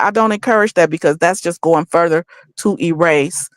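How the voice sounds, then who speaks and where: A woman from Detroit in casual kitchen-table chat, telling relaxed, chatty stories. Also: deep voice, a little slow, clean tone, no room sound. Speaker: co-host.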